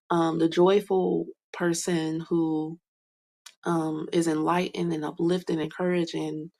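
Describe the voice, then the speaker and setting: A young woman giving a soft, hesitant spiritual card reading, full of fillers and whispered asides. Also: on the low side, creaky. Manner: whispers names to herself while reading cards. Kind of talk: slow meandering card reading monologue.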